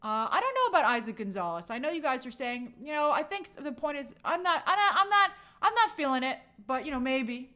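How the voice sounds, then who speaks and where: A woman's voice: sits high, very animated, a little fast, few pauses, sharp tone. A woman hosting a live movie news stream, chatting and reading viewer comments with frequent restarts and opinionated asides.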